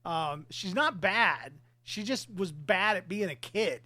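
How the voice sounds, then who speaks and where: A man's voice: sits high, expressive, takes it slowly, pushed and bright, dry recording. A man in his forties, a podcast host, talking candidly about family in casual chat, laughing between thoughts.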